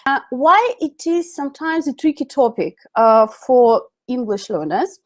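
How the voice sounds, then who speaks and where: A woman's voice: high voice, sing-song, a little slow. A woman with a Russian accent teaching English communication in a webinar, chatty with frequent fillers. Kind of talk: webinar lesson.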